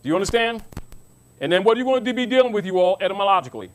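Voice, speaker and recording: Male lecturer with a high voice. Informal teaching talk to an audience. Emphatic and repetitive, keeps checking that listeners follow. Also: lively intonation, racing. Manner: emphatic, repeats himself, asks listeners if they understand.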